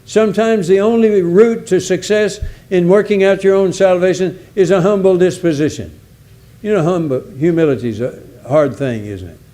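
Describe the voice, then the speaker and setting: A man's voice: sits high, moderate pace, mellow. A man preaching a sermon in a folksy, emphatic way, repeating key words for weight. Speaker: visiting preacher.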